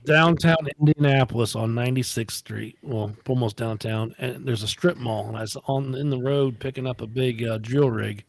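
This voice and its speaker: A man casually telling prank phone stories on a podcast, often jumping into a high voice for his quotes. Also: moderate pace, hardly any pauses, no echo. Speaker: podcast co-host. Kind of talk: casual storytelling.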